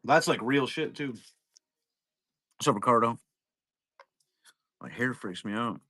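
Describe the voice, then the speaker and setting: A man running a card break stream, talking loose and rambling with plenty of cursing. His voice is bright and forward, and it sounds dry and close with hardly any room around it. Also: mid-range voice, animated, unhurried, no echo. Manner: rambling, profane, laid-back. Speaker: trading card break seller. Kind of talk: casual livestream chat.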